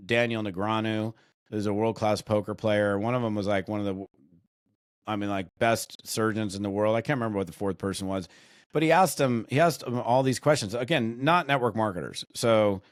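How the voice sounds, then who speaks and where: A man's voice: on the low side, no room sound. A chatty middle-aged man, dry close mic. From United States. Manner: rambling, animated storytelling with many fillers and restarts. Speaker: podcast guest, network marketing trainer. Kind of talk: casual podcast chat.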